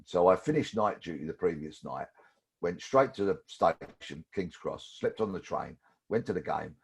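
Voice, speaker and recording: Guest in his 60s, very low husky voice, lively storyteller. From London. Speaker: guest, former police detective. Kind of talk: storytelling interview.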